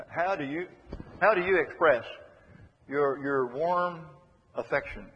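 Male preacher, sermon, lively swooping pitch, husky voice, repeats phrases for emphasis, long hall reverb, dull lo-fi sound. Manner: emphatic, repeats key phrases, shifts between loud and hushed.

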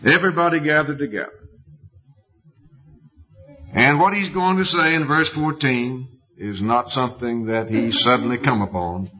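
A man preaching a sermon in a slow, deliberate way with emphatic rises. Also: medium pitch. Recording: dull lo-fi recording.

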